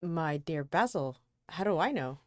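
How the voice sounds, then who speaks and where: A woman's voice: low voice, animated, a little slow, no echo, clean studio sound, pitched below the performer's own voice. A woman reading as a cool, callous young man. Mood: languid. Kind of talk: amateur read-aloud of a novel.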